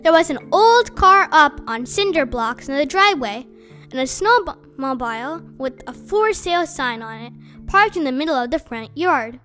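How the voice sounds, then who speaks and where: A woman reading a children's novel aloud in expressive first-person storybook narration. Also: sits high, moderate pace, soft background music. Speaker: audiobook reader.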